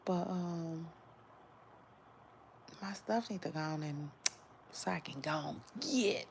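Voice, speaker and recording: Woman host, low gravelly hushed delivery, slow and chatty, casual talk to viewers. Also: slight background noise. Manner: hushed, keeps voice down to not wake others; chatty, drawn-out slang phrasing. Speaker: gossip channel host.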